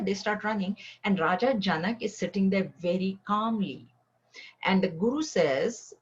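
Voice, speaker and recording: A woman teaching a spiritual scripture class, explaining verses and telling stories with lively acted quotes. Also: mid-range voice, measured pace, dull audio. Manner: storytelling with animated acted quotes.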